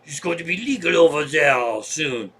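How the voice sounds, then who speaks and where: A man's voice: fairly high pitch, lively intonation, moderate pace, sharp tone, breathy edge, full character voice. A man voicing an easygoing old-school hippie man from France. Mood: laid-back. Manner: easygoing, offering.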